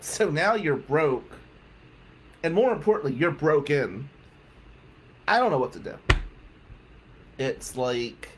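Man telling a raw personal story, lively pitch. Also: slow pace, long pauses, background noise. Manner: candid, emphatic, with some swearing. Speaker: podcast host.

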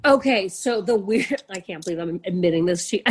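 A woman's voice: mid-range voice, brisk, breathy edge. A woman telling stories in casual chat, giggling often and acting out other people's lines. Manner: giggly, animated storyteller. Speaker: podcast guest, influencer.

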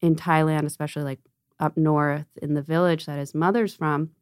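A woman guest on a podcast, chatting casually and telling animated stories, acting out quotes with laughs. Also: low voice, normal speed, clean tone, dry recording, clean studio sound. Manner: animated storyteller, acts out quotes, laughs often. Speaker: restaurant owner and wine buyer guest.

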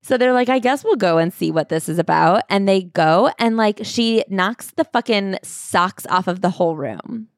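A woman co-host telling a story in a casual, animated way, with the odd swear word. Her voice sits at a middling pitch, and the recording is dry and close, with no room sound. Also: moderate pace, hardly any pauses, no room sound. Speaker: podcast co-host. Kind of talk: casual book-club chat.

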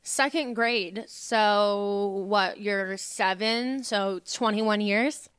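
A woman's voice: mid-range voice, extremely slow, a bit bright, clean tone, dry recording, studio quality. A woman in her late twenties, a podcast guest, chatting in a playful, laid-back way. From United States. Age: late 20s. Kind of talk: casual chat.

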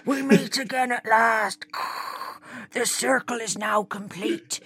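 A woman voiceover artist putting on a menacing male sci-fi villain in a husky voice, with slow, drawn-out delivery. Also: fairly high pitch, fairly bright tone, dry recording, heavily acted. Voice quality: husky put-on voice. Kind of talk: playful film-villain impression.

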